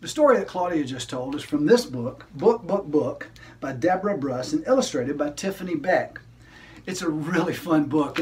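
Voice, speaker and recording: Friendly magician hosting a kids' show. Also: male voice, a little high, distant mic, slight background noise. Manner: friendly, patient straight man to the puppet. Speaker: magician and children's show host. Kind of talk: children's library video show.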